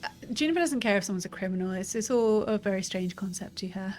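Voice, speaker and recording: A woman's voice: mid-range voice, brisk, hardly any pauses, darkish tone, faint music behind. Chatty woman streaming a game. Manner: chatty, reads dialogue aloud. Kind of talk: casual let's-play commentary. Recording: faint background noise.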